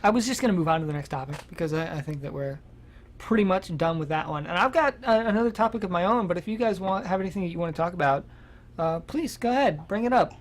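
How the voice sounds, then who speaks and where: Animated podcast co-host. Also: medium pitch, fast talker, slight background noise. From United States. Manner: animated, swears freely. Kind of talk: casual gaming chat.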